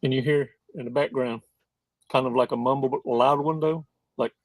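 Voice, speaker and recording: A man's voice: medium pitch, steady tone, brisk, no echo. A man hosting a casual monologue in a folksy, slangy manner, stretching words out for emphasis. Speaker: host.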